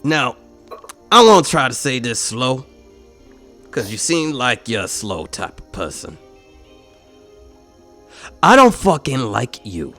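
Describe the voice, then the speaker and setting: A foul-mouthed goblin tough who rides a warg, as a man puts him on. He swaggers and threatens, swearing at every turn. The delivery is low-pitched and unhurried, with faint music underneath. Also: very animated, gravelly, a bit bright, exaggerated voice. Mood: menacing. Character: crude menacing male goblin warg rider.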